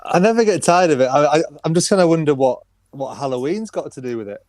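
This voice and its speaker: A man co-hosting a casual football podcast, wry and halting, often repeating his words. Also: fairly high pitch, lively intonation, a little mellow. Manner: wry, hesitant, repeats himself. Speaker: podcast co-host. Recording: dry close sound.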